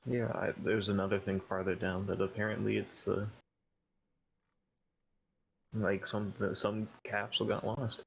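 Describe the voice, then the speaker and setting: A man's voice: fairly low pitch, little pitch movement, a little slow, creaky, long pauses, fairly bright tone. A man co-hosting a podcast, chatting in a laid-back, matter-of-fact way. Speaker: podcast co-host. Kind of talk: casual chat. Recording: dull lo-fi mic with faint noise.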